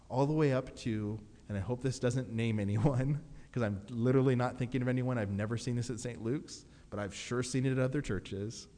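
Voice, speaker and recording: A man's voice: mid-range voice, warm tone, big-room sound. A man preaching a sermon in a conversational way, often laughing and acting out quotes. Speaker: pastor.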